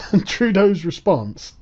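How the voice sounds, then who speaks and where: Man, sarcastic reaction commentary, fairly high voice, muffled lo-fi sound. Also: big pitch swings, slow. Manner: sarcastic, mocking. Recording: dull lo-fi audio.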